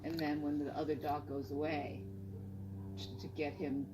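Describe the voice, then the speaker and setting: A woman, a dog owner, describing her dog's behaviour to a trainer in halting, soft-spoken casual speech, recorded outdoors. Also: deep voice, flat delivery. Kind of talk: casual chat. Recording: distant voice with loud outdoor noise.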